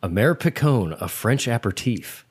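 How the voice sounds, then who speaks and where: A man's voice: mid-range voice, animated, moderate pace, breathy edge. A man co-hosting a podcast, chatting casually in a wry, mock-boastful way and explaining drink history. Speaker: podcast co-host.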